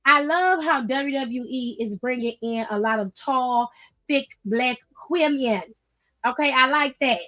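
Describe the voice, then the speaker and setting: High-voiced woman streamer, blunt and animated. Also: unhurried. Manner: animated, blunt, profane, laughing. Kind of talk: casual wrestling recap. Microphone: streaming mic.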